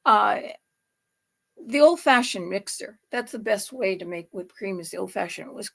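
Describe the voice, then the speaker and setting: A woman's voice: medium pitch, lively intonation, moderate pace, vocal fry. A woman hosting a home cooking show, talking through a recipe in a chatty, rambling way that wanders off topic and corrects itself. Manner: chatty, digressive, self-correcting with laughs.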